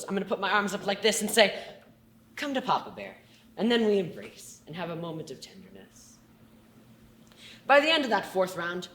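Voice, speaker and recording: A grandiose boxer played by a young woman boasts in a deadpan, pompous way, her pitch swinging widely. The voice carries the echo of a school stage. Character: boastful deluded boxer at a press conference. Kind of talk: stage comedy acting.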